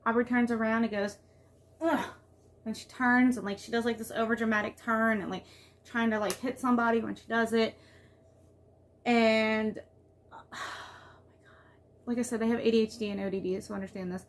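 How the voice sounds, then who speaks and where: A woman's voice: a little high, fairly even intonation, brisk. A woman vlogging as a mother, talking casually and venting in a rambling way with lots of "like.". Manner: rambling, venting, heavy use of "like". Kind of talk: casual confessional vlog talk.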